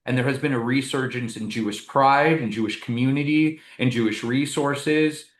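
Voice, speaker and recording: A man speaking as a guest in an interview, an animated and emphatic storyteller. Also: mid-range voice, normal speed, roomy sound. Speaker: guest, community advocate. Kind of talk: conversational interview.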